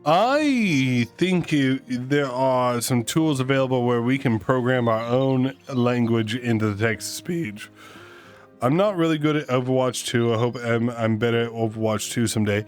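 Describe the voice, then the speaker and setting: A man's voice: mid-range voice, moderate pace, faint music behind. A man hosting a casual livestream, joking and ranting at his chat. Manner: joking, rants and teases chat. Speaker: streamer host.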